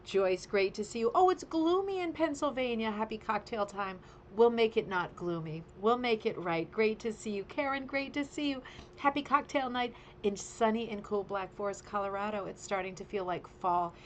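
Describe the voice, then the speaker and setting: A woman's voice: medium pitch, normal speed. Woman, middle-aged, livestream host, chatty, playful, webcam, faint noise. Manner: chatty and playful, toasting and greeting viewers by name. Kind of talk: casual livestream chat with viewers. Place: home, sitting at a table.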